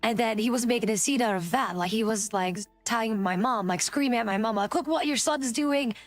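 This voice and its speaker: A woman's voice: mid-range voice, fairly quick, no echo. A woman streamer casually telling a story to her chat, rambling with many fillers and restarts, with faint music behind her.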